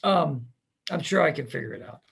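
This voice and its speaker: A man hosting a relaxed podcast chat, agreeable and easygoing. His voice is somewhat high for a man, with a gravelly, husky texture. He often lets sentences trail off softly. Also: brisk. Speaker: podcast host. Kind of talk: casual interview chat.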